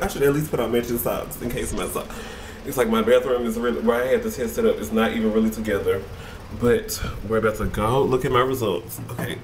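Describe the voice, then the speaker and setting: A man's voice: medium pitch, a little hiss or hum. Nervous, chatty young man vlogging. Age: 20s. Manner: nervous, chatty, sassy, says "girl" often. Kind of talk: casual vlog talk. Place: home bathroom. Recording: roomy echo, slightly distant.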